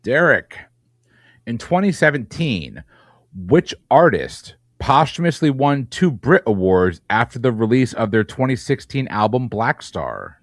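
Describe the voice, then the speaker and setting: A man hosting a trivia game, reading questions briskly and teasing the players. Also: medium pitch, big pitch swings, no room sound, studio quality. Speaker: quizmaster.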